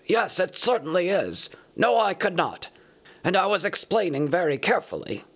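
Reading from a storybook, a man gives voice to Gandalf, the old male wizard, lecturing in a measured way and quick to grow cross. His voice sits on the high side and sounds animated.

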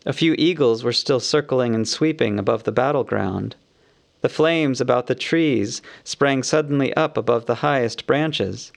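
A man narrating a fantasy audiobook in a measured, expressive storytelling manner. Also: mid-range voice, gravelly.

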